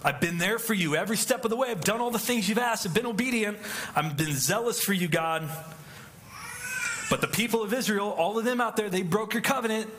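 A man's voice: high voice, brisk, a bit bright, a little hiss or hum, voice pushed up. A man voicing a self-pitying male prophet who complains that he alone stayed faithful. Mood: whiny. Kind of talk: dramatized scripture reading.

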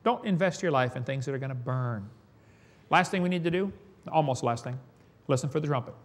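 A man's voice: mid-range voice, animated, a little fast. A man preaching a sermon, telling folksy stories with chuckles.

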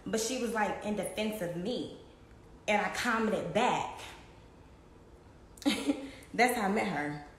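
A woman's voice: medium pitch, reverberant, a little hiss or hum, poor audio. A woman chatting casually on a live stream, rambling and speaking straight to her viewers through her phone.

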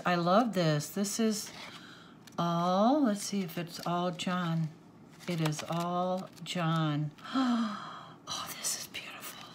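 A woman's voice: lowish voice, a little hiss or hum. An older woman hosting a crafts vlog, gushing and exclaiming as she opens gifts on camera. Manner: gushing, exclaiming, easily moved. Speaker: crafts channel host. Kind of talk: casual unboxing vlog.

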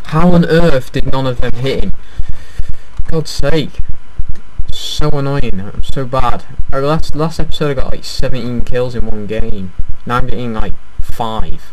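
A man's voice: mid-range voice, a little slow. A young man giving casual, self-deprecating commentary while playing a video game. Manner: chatty, self-deprecating, easily frustrated. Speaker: gaming YouTuber. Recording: noisy home mic recording.

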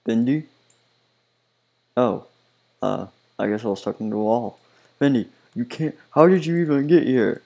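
A man's voice: medium pitch, unhurried, vocal fry, long pauses, dark tone. A man voicing a bumbling male cartoon studio boss who stammers and gets flustered, in a goofy game machinima.

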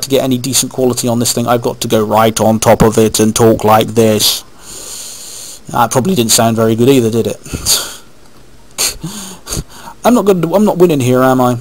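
Guy rambling thru a let's play, chatty, talks to himself, webcam mic, middle pitch. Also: low-quality recording. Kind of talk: casual gameplay commentary. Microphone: webcam microphone.

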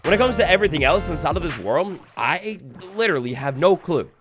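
A man's voice: on the high side, fast talker, music in the background. A young man narrating a survival game playthrough, playful and chatty, talking to the creatures he meets. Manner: animated, playful, talks to mobs, bursts into excited yelps. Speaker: gaming YouTuber. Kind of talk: Minecraft let's play commentary.

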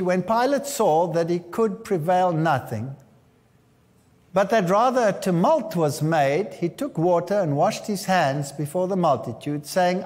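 A man's voice: sits high, a little mellow, long reverb tail. A man preaching a sermon, reading scripture aloud with dramatic emphasis and a touch of dry humor.

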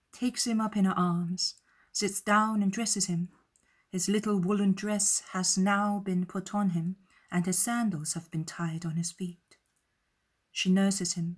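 A woman narrating an audiobook in a soft, breathy, near-whispered reading. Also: medium pitch, fairly even intonation, unhurried. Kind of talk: scripted narration.

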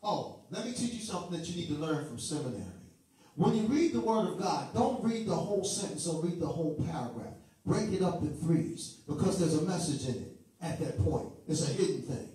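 His voice is fairly high and mellow, expressive and a little fast, as he preaches with passion. He moves from sing-song chanting to joking asides for the congregation. The sound comes from a distance in an echoey space, with music playing.

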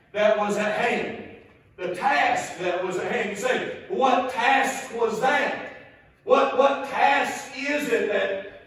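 A Southern US preacher with a strikingly high voice delivers a sermon at a very unhurried pace, leaning on repeated phrases. He sounds distant from the mic, his words ringing through a cavernous church. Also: a bit bright. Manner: slow, emphatic, repeats key phrases. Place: church sanctuary. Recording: echoey church from far off.

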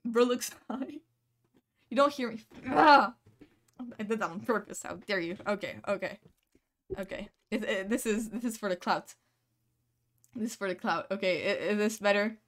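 A woman live-streaming a video game, chatting casually with her viewers in a playful, giggly, self-mocking way and reacting loudly to the screen. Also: mid-range voice, normal speed, pauses often. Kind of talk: casual live-stream chat while gaming.

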